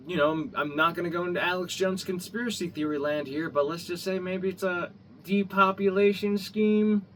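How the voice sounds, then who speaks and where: Middle-aged guy ranting, high-pitched, cussing, stammers a lot, mic kinda far off. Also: slight background noise. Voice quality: stammering restarts, repeats words. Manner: heated, swearing, rising to shouts. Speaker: vlogger. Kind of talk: angry profane rant.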